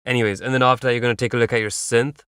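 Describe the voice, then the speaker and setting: Racing along in a steady, sharp, clean mid-range voice, a man streams music feedback in studio quality with no echo. He hums beats and uses plenty of fillers while giving loose, instructive mixing advice on a track.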